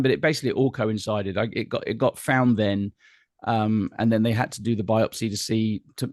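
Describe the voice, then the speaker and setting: A middle-aged British man talking candidly in an interview, with a wry, halting manner and many restarts. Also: lowish voice, a little mellow, no echo, studio quality. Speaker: guest entertainer. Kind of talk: interview conversation.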